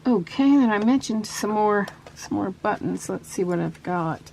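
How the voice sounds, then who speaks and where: A woman hosting a casual crafting tutorial, talking softly and trailing off as she works at her table. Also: mid-range voice, expressive, moderate pace, creaky, slight background noise. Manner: soft-spoken, chatty, trails off while working. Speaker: craft video host.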